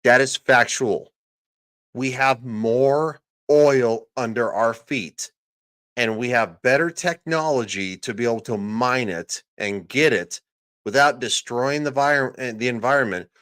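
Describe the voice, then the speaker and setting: A man's voice: medium pitch, unhurried, fairly bright tone. A man delivering a ranting reaction commentary, sarcastic, profane and mocking. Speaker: political commentator.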